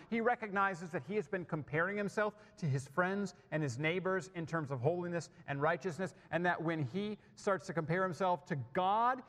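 A man preaching a sermon, building emphasis and then dropping to soft, hushed lines. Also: high-pitched, long reverb tail.

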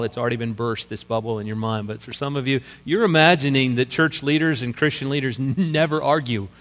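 A man preaching a sermon as guest pastor in a conversational, animated way, slipping into the scenes he describes. His voice sits a little high. A long reverb rings around him in the sanctuary.

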